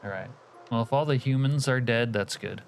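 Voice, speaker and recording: A man's voice: medium pitch, moderate pace, vocal fry, faint music behind. A man live-streaming a game, chatting casually with his viewers, reading their messages aloud and muttering asides about the game as he plays. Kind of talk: live-stream chat while gaming.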